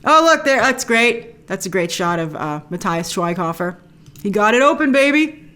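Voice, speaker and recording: A woman hosting a trailer breakdown show in casual commentary, chatty and enthusiastic, often jumping into high excited remarks. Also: moderate pace.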